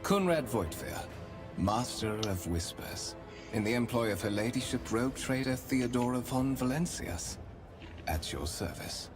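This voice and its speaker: A man's voice: medium pitch, animated, lightly acted. A man voicing a courtly imperial spymaster. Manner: formal, measured, courtly. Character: refined male imperial spymaster, formal and smooth. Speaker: game character. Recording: game audio with music behind.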